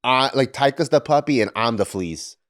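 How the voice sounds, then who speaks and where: A man's voice: medium pitch, normal speed. A man on a podcast telling a family story in casual chat, swearing freely and acting out the people in it. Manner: animated storyteller, swears freely, acts out his dad. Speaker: podcast co-host.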